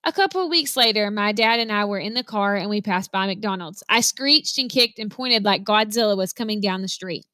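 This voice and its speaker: A woman reading a novel aloud, telling the story in an expressive first-person voice. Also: medium pitch, fairly quick, hardly any pauses, no room sound. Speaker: reader.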